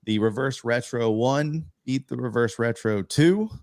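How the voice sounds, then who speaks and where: A man's voice: medium pitch, unhurried, dry recording, clean studio sound. A man co-hosting a fan podcast, laid back and laughing, walking listeners through each segment. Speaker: podcast co-host. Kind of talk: casual fan podcast chat.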